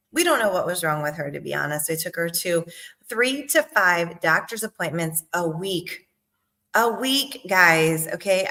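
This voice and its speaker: A middle-aged woman sales coach talking casually to her viewers, animated and emphatic, with frequent "right?" and "okay?" asides. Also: lowish voice. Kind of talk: casual talk to camera.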